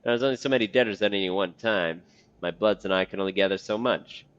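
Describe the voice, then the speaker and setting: A man's voice: on the low side, quick pace, fairly bright tone, clean tone, close to an everyday voice. A man voicing a blunt, secretive male corpse collector in a game, on a dull lo-fi recording. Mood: shady.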